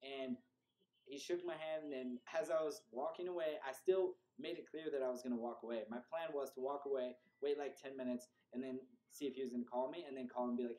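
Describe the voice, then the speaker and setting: A man's voice: medium pitch, brisk, dark tone. A young man telling a story in a chatty, casual way, with lots of fillers and words repeated for emphasis. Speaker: host. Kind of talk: casual storytelling advice vlog. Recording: echoey room.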